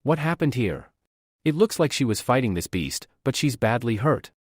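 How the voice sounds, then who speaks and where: A confident young male alchemist, voiced by a man in a comic recap, speaking calmly and matter-of-factly with a lively, moving pitch. The recording is dry and close. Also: normal speed, husky, no room sound.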